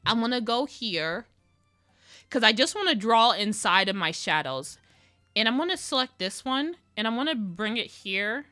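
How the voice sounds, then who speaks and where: Soft music plays behind a woman streaming her digital drawing process, her high-leaning voice sing-song, bright and forceful at a moderate pace. She chats casually and rambles playfully, talking herself through each step.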